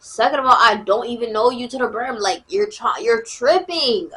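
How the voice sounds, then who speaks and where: Teenage girl, casual storytime, slangy, animated, repeats herself, fairly high voice. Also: normal speed. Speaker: storyteller vlogger.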